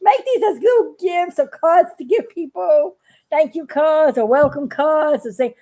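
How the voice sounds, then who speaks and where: A woman's voice: high-pitched, measured pace, warm tone. An older woman chatting in a casual, folksy how-to vlog, giggling often and rambling a bit between steps. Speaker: craft video maker.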